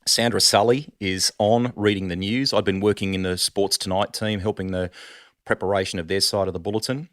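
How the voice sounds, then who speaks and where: A middle-aged Australian man telling animated stories in a casual podcast chat, calling the host "mate" a lot. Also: on the low side, a little fast, no room sound, clean studio sound. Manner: animated storyteller, says "mate" often. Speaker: sports broadcaster, guest.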